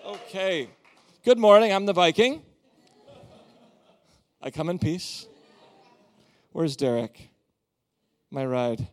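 Male preacher, fairly high voice, animated, joking with congregation. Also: takes it slowly, pauses often. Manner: animated, theatrical, joking with the crowd. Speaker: guest preacher. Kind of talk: sermon with book promotion. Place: church hall.

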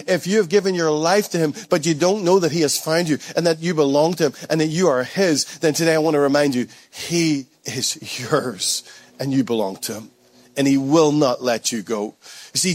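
A man preaching a sermon as pastor, emphatic and repetitive, with short laughs between points. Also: a little high.

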